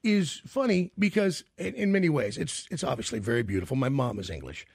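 A man's voice: medium pitch, lively intonation, brisk, gravelly, slightly rough, no echo, clean studio sound. A man hosting a radio show, chatting casually and jokingly with a caller and often trailing off into fillers. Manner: rambling, jokey, trails off with fillers.

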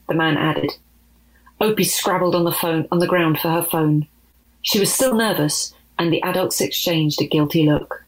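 A woman's voice: sits low, fairly even intonation, normal speed, low-quality recording. Woman reading a storybook aloud. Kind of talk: storybook narration.

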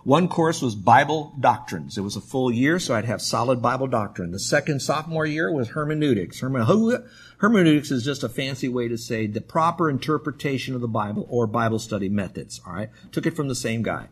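A man's voice: mid-range voice, lively intonation, fairly quick, breathy edge. A male pastor preaching a sermon in an emphatic, conversational storytelling manner.

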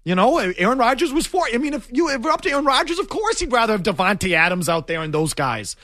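A man's voice: very high voice, fast, no room sound. A man hosting a sports talk show, ranting in an emphatic, exasperated way. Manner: animated, emphatic, exasperated rants.

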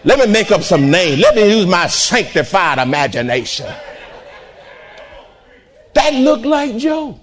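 A very high-voiced older man preaching a fervent sermon in church. His pitch swings widely as he moves from quiet, intimate asides to shouted peaks, and he trades call-and-response with the congregation. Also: very animated, a little slow, long pauses. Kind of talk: impassioned sermon.

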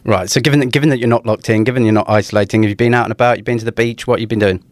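A man's voice: medium pitch, steady tone, racing, no room sound. A man with a London accent hosting a casual podcast from a studio, dry and teasing toward his co-host. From England, London. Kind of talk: casual chat.

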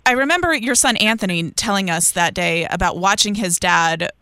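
A woman interviewer who asks gentle, sympathetic questions in a soft way. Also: mid-range voice, moderate pace, smooth, dry recording, studio quality.

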